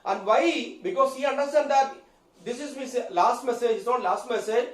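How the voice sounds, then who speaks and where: A man with a high voice teaches a class in a slow, halting way, full of pauses and filler words. He is recorded from a distance in an echoey room, with faint room sound behind him. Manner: halting, many fillers and okays. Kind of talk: classroom lecture. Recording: echoey room, mic far off.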